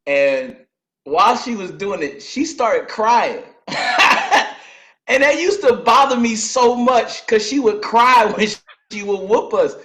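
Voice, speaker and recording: Male co-host, slow, swooping bright delivery, laughs through stories. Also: sits high, animated. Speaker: podcast co-host. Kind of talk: casual storytelling chat.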